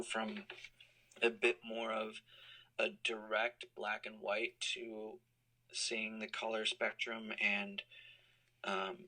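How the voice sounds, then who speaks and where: The voice is fairly low, pushed and bright, coming from a college compliance officer in his thirties who's an alumni guest on a call. He answers interview questions thoughtfully, leaning on many fillers, and the recording is rough.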